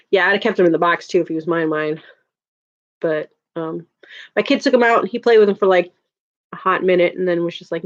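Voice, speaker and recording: A woman in her thirties from the Chicago area, USA, hosts a casual livestream in a lowish, steady voice that moves fairly quickly but pauses often. She chats with her viewers and laughs a lot, and the home stream audio is dull and lo-fi.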